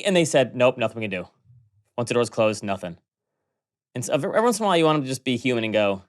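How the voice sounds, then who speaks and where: A man co-hosting a podcast, giving quick reactive comments in casual chat. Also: mid-range voice, big pitch swings. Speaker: podcast co-host.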